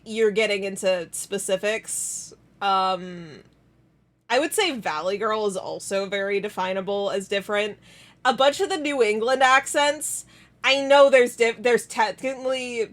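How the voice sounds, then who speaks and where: An American woman streamer chatting casually with her viewers, rambling and halting and breaking into frequent laughs, still recovering from a week-long illness. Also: on the high side, a bit bright. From United States. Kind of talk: casual chat with chat.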